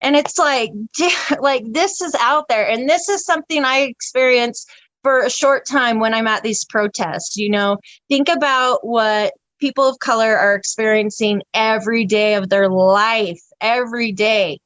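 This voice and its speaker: Brief: outspoken woman podcast guest, higher voice, dry close mic, salty animated storytelling. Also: normal speed, no room sound, low-quality recording. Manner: animated, profane storytelling with frequent laughter. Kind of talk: casual chat.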